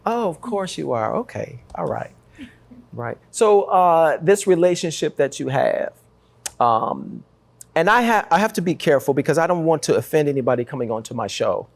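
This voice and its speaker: A man from Africa hosting a talk show, energetic and joking as he teases his guests. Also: on the high side, normal speed, vocal fry. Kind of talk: lively talk show interview.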